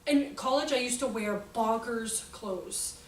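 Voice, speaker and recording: A woman in her forties gives a lively talk to an audience, joking and acting out what people said. Her voice sits high and comes from a distance in a large echoey hall. A faint noise is heard under her. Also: a little slow. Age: 40s. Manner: animated, jokey, acts out quotes. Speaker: speaker on child behavior.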